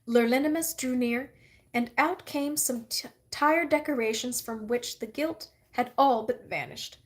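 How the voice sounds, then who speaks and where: A woman reading a novel aloud in a steady, even narrating manner. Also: high voice. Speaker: reader. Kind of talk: audiobook-style novel reading.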